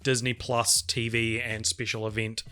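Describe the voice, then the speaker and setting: A man's voice: mid-range voice, little pitch movement, normal speed, sharp tone, faint music behind. A man co-hosting a podcast, chatting casually and laughing easily. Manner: laughs easily, loose and joking. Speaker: podcast co-host.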